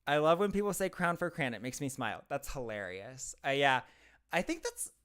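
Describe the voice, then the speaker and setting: A man's voice: medium pitch, big pitch swings, a little fast, fairly bright tone, smooth. A man with a Midwestern American accent from southern Ohio, chatting casually on a live stream, rambling and laughing often as he answers viewers. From southern Ohio, USA.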